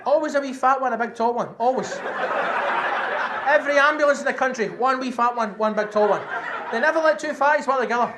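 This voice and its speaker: On a live stage mic at a comedy venue, amid background noise and audience laughter, a Glaswegian male comic with a high voice races through a sweary story. He's animated and acts out shouts along the way.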